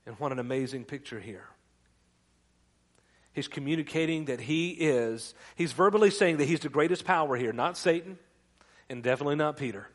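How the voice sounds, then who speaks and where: A male pastor gives a conversational sermon, repeatedly stumbling over restarts and asking the congregation questions. He speaks fairly quickly in a fairly high voice.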